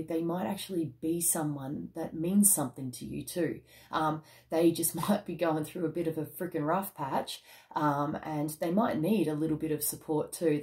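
A woman's voice: on the low side, darkish tone. A woman giving a casual tarot reading, chatty and emphatic with mild swearing and a habit of ending lines with "okay?". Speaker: tarot card reader.

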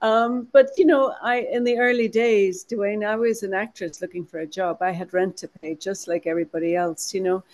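A woman in her sixties with a soft Irish accent, chatting animatedly in an interview with frequent restarts. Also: medium pitch, steady tone, normal speed, few pauses. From Ireland. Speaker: actress and producer. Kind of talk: interview conversation.

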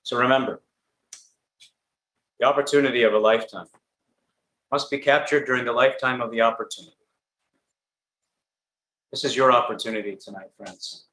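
A man's voice: mid-range voice, fairly even intonation, moderate pace, long pauses, a bit bright, echoey room. A man preaching a gospel sermon in a large tent, earnest and urgent, pressing his listeners with repeated rhetorical questions.

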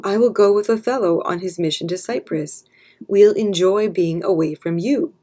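A woman's voice: medium pitch, normal speed, mellow, lightly acted. A woman reading aloud, voicing a defiant young bride who stands up to her father. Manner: defiant, snapping.

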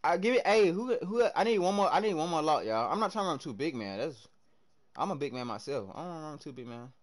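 Streaming a game live, a young man from the American South fires off energetic, slangy bursts to his chat that rise and fall in volume. His pitch is fairly high with big swings, and he talks at a quick clip.

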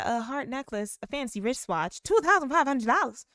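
Excitable young woman host, gushes and squeals. Smooth voice, dry close mic. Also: high-pitched, moderate pace, no echo. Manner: excitable, gushing, squeals with delight. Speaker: gaming video host. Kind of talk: casual gameplay commentary.

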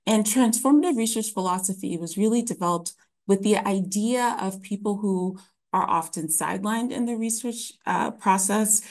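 A woman presenting an academic lecture in a webinar, explaining ideas in a measured way with frequent ums and restarts. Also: medium pitch.

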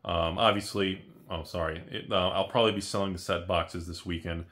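A man's voice: sits low, a little fast. A man giving a casual, rambling commentary on the collectibles market as the host, correcting himself and throwing in jokey asides. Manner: rambling, animated, self-correcting.

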